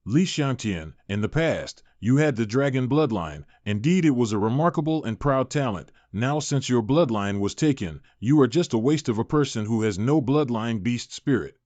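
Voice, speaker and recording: A man voicing an arrogant, mocking male clan bully in a manhwa recap, read in a flat, even way. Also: medium pitch, moderate pace, hardly any pauses, dry recording, dull audio, close to an everyday voice.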